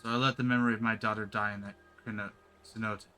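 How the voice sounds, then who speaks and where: A man voicing a grieving, lion-like male village elder, reading the game's dialogue in a measured, low-key way. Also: flat delivery, pushed and bright, faint music behind. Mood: solemn.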